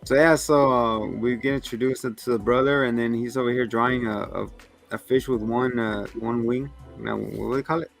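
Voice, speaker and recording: A man talking loosely through a plot recap with a medium-pitched voice. He laughs easily and slips into quick impressions. Faint music plays behind him. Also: steady tone, gravelly. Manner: rambling, laughs often, acts out lines from the show. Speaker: podcast co-host. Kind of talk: casual review chat.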